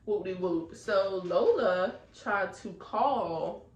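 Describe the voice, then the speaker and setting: A young woman, from North Carolina, telling a storytime tale in an animated way full of fillers. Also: mid-range voice, slow pace, echoey room, highs cut off. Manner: animated, talks her way through the story with many fillers. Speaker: vlogger. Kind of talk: storytime chat.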